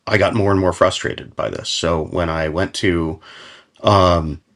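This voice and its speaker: An American man with a notably deep voice tells his story as a podcast guest. He speaks conversationally and animatedly, full of "um"s and self-corrections, and often breaks into chuckles. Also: a little slow. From United States. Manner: animated anecdotal storytelling with frequent fillers, restarts and chuckles. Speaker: podcast guest, company founder.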